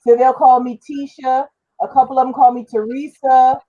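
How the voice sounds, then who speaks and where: A woman's voice: sits high, little pitch movement, normal speed, phone-quality sound. A woman talking on a panel show in casual conversation, trailing off and restarting now and then.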